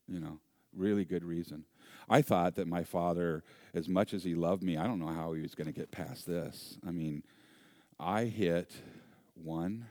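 A middle-aged man preaching a sermon, telling a personal story in an animated, humorous way and acting out voices and sounds. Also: low-pitched, no room sound, studio quality. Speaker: pastor.

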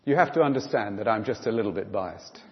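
A man preaching a sermon in church, emphatic and animated, with frequent fillers. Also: on the low side, fast talker. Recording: dull sound in a reverberant hall.

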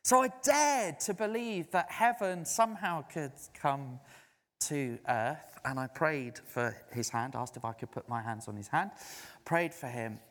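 A man preaching a sermon, telling a story and acting out others' words in a raised voice. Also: medium pitch. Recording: long hall reverb.

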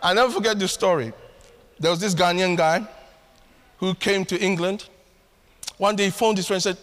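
A man preaching a sermon as pastor, animated and storytelling with acted asides. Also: high-pitched, normal speed, pauses often. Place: church hall. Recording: long hall reverb.

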